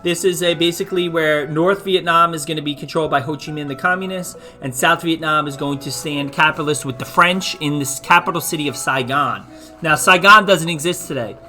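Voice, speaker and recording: A man's voice: a little high, fairly quick, pushed and bright, soft background music. A man, a teacher, giving a loose, joking virtual history lesson with many restarts. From United States.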